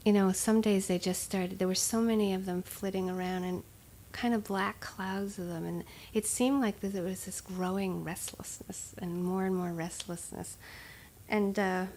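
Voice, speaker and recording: A woman giving a dharma talk as a meditation teacher, speaking conversationally with frequent fillers and soft laughs. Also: mid-range voice, fairly even intonation, moderate pace, a little hiss or hum.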